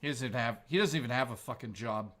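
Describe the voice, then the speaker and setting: A fast-talking livestream host with a medium-pitched voice chats casually with his viewers. He's animated and playful, trading crude jokes back and forth with the chat.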